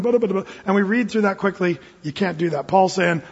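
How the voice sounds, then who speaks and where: A man's voice: high voice, fairly quick, hardly any pauses, husky. A man preaching a sermon as pastor, earnest and emphatic, often asking his listeners questions. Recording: dull sound with long hall reverb.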